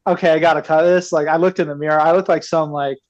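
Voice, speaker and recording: A man guesting on a podcast in casual chat, animated and giggly, saying "like" constantly. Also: fairly high pitch, fast, muffled recording. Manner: animated, giggly, heavy use of "like".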